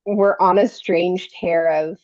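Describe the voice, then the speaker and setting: A woman co-hosting a podcast, chatting in a relaxed, conversational way. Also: lowish voice, slow pace. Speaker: podcast co-host. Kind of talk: casual chat. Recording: dull, dry lo-fi recording.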